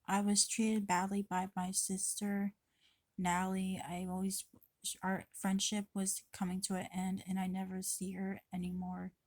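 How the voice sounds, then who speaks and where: A woman talks straight into her camera mic in a rambling confessional vlog. Her delivery stays flat and even, with little rise and fall, and the sound is dry and close. She swears freely and keeps stopping to restart her thoughts. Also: mid-range voice, unhurried, no room sound. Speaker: vlogger.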